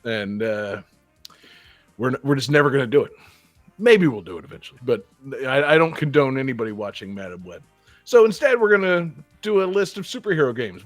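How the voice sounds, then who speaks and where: A man's voice: mid-range voice, no room sound. A young man hosting a casual gaming podcast, upbeat and rambling with lots of fillers, on a studio mic. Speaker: podcast host. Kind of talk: casual chat.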